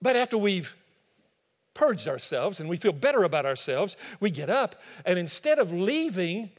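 Man, pastor, sermon, high voice, animated storytelling, church sanctuary with long reverb. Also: moderate pace. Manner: animated storytelling with acted-out asides.

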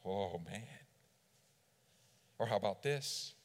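A middle-aged man preaching a sermon as a church district superintendent, telling stories and swinging between loud emphasis and quiet asides. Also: lowish voice, expressive, slow. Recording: long reverb of a large hall.

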